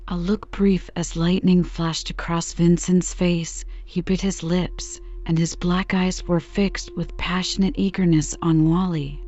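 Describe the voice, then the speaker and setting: Slow soothing woman reading a bedtime story. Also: fairly low pitch, muffled recording. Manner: calm, soothing. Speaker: podcast narrator.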